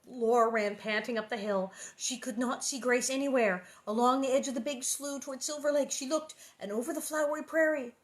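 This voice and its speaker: A middle-aged actress reading a children's book aloud to viewers, then chatting casually and animatedly with many fillers. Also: female voice, high voice, steady tone, fairly quick, few pauses. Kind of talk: storybook reading and casual chat.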